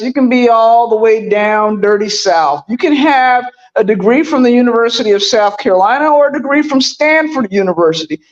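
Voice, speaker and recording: A woman's voice: fairly high pitch, muffled recording. A woman calling in to a live stream, arguing emphatically and throwing out rhetorical questions. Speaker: caller. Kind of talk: call-in commentary.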